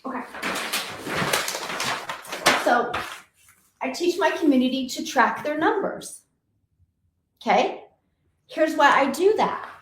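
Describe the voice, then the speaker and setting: A woman giving an energetic motivational talk as an online business coach, emphatic and repetitive, acting out quoted voices. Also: sits high, slow pace, pauses often, reverberant.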